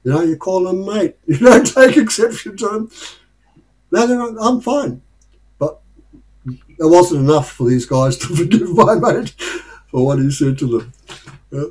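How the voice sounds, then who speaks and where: A man's voice: high-pitched, lively intonation, a little slow, long pauses, darkish tone, low-quality recording. An Australian man telling stories in a casual, rambling way and chuckling often. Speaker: speaker sharing life lessons. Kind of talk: casual storytelling talk.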